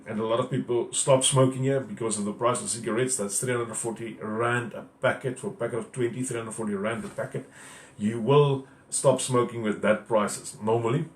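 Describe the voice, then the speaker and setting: A man, a financial adviser giving plainspoken, direct advice and answering viewer questions in a live talk. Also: medium pitch. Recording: roomy echo.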